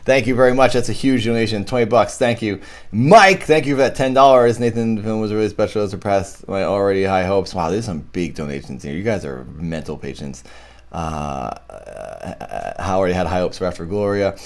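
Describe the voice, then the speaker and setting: A man's voice: fairly low pitch, moderate pace. A man hosting a live stream, chatting casually about his own short film and thanking donors. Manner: rambling, animated, thanks donors warmly. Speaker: filmmaker hosting a live viewing commentary.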